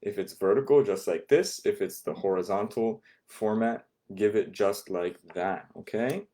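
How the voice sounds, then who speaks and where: A man's voice: fairly low pitch, unhurried, warm tone. A man teaching an online Japanese class, patiently repeating words and checking in with "okay?" after each point.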